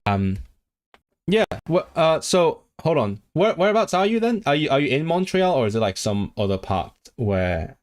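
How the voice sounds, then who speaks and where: A man's voice: on the high side, very animated, normal speed. Rambling man chatting on a livestream. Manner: rambling, frequent restarts and fillers, reads chat aloud; enthusiastic about languages. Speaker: language streamer. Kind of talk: casual livestream chat.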